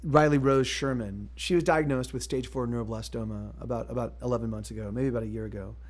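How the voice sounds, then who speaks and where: A musician streaming live, talking casually and hesitantly between songs with many fillers and restarts. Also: male voice, mid-range voice, steady tone, fast.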